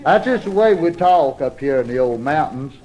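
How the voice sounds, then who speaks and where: A man with an Appalachian accent telling a folksy comic story in a long, slow, easy drawl. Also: on the high side, expressive, rough recording.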